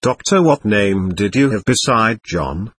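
A man voicing a patient doctor at a séance, talking in a measured, reasoning, admonishing way with a husky voice. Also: lowish voice, lively intonation, a bit bright, no echo, voice pushed down, full character voice.

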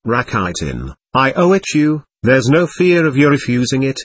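A man's voice: mid-range voice, very animated, moderate pace, slight background noise, lightly acted. A man reading the part of a proud, fiery young woman in an audiobook, speaking with passion that swings between scorn and confession. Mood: impassioned.

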